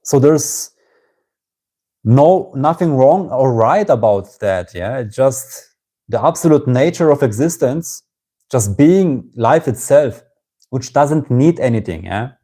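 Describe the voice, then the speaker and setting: German-accented male satsang teacher, mellow tone, reflective with tag-question "yeah?"s. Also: mid-range voice, expressive, takes it slowly. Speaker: spiritual teacher. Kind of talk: live-streamed satsang talk.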